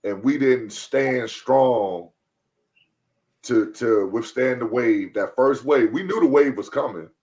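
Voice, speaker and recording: A man co-hosts a sports podcast, his voice at a middle pitch. He talks in a laid-back, casual way and circles back to repeat his points. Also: lively intonation, takes it slowly. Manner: laid-back, repeats phrases, loud when riled up. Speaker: podcast co-host.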